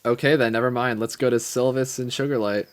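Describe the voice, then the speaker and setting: A man's voice: medium pitch, fairly even intonation, a little fast. Wry casual male game master. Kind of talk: running a tabletop game.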